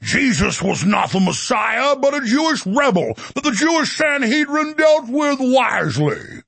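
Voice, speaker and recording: A man mocking a pompous shouting zealot. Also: very high-pitched, sing-song, gravelly, slightly rough, full character voice. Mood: mocking bombast. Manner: mocking, bombastic, drawn-out declaiming. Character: pompous preachy male zealot, self-righteous.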